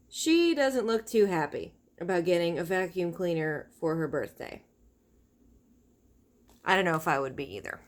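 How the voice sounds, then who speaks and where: A woman reading a children's novel aloud, stopping for chatty asides that explain the pictures and fonts. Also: lowish voice. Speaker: reader of a children's book.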